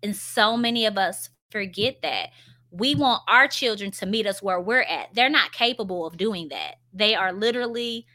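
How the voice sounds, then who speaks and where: A woman's voice: mid-range voice, normal speed, pushed and bright. A woman talking casually about parenting, conversational and full of fillers, acting out example phrases for parents. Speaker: parenting speaker. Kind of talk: casual explanatory talk.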